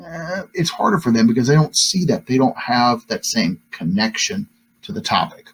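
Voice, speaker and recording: Guy teacher talking through a lesson, kinda husky, lots of ums and rights. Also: medium pitch, very animated, brisk, a bit bright. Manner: conversational, many fillers and tag questions. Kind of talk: recorded classroom lecture.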